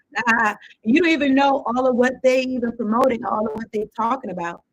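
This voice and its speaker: A woman with a slightly high voice gives a laid-back tarot reading. She wanders from thought to thought and thinks out loud. Her speech is loose and slangy, with a few curse words. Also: quick pace, dry recording, rough recording. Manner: rambling, thinking aloud, loose slang and swearing. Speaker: tarot card reader.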